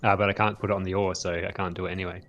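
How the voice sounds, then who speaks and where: A man playing in a tabletop game, thinking out loud with lots of hesitation. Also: low-pitched, little pitch movement, racing. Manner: hesitant, thinks aloud with ums. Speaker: player. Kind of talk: casual tabletop game chat.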